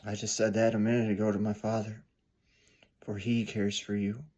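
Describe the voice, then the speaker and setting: A man voicing a kind, steady male soldier in a sermon story, speaking calmly and reassuringly. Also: fairly low pitch, moderate pace, close to an everyday voice. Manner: calm, reassuring.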